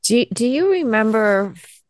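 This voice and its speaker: A woman hosting an interview, asking questions in an expressive, sympathetic way, often restarting her sentences. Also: fairly high pitch, moderate pace, dry recording, clean studio sound. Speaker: host. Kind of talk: conversational interview.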